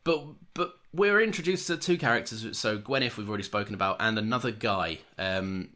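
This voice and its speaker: A man's voice: lowish voice, brisk, pushed and bright. A man co-hosting a podcast in casual chat, rambling and hesitant and laughing as he talks. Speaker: podcast co-host.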